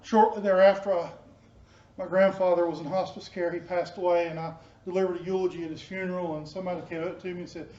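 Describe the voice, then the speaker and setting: A man giving a personal testimony as a pastor, telling his story earnestly and dropping soft and low in tender moments. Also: flat delivery, fast talker. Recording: echoey, dull room sound.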